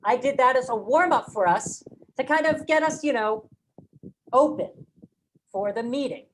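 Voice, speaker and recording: Slow, measured woman leading a teacher workshop. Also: on the high side, expressive, a little hiss or hum, low-quality recording. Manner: slow, deliberate, demonstrates rhythm by chanting. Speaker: teacher trainer.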